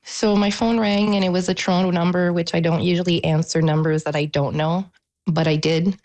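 A woman, a mother, telling a news interviewer what happened, haltingly and with pauses. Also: fairly low pitch, fairly even intonation, a little mellow, low-quality recording. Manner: halting, emotional recounting with pauses. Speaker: mother of an assault victim.

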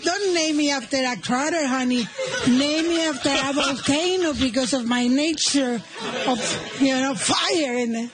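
A woman's voice: sits high, a little slow, crowd noise. A woman on a comedy panel who talks playfully and repeats her words as she stammers.

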